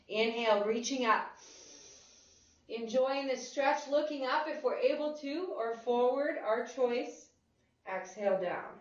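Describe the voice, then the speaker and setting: A woman leading a chair yoga class, giving slow, calm guiding cues about posture and breathing. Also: fairly high pitch. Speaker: yoga instructor. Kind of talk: guided chair yoga instruction. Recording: roomy, distant, dull-sounding mic.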